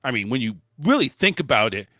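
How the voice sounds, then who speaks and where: Male host, lively rambling chat, dry close sound. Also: mid-range voice, quick pace, dry recording. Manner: loose, rambling delivery with frequent restarts and mild swearing. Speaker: podcast host. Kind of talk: casual chat.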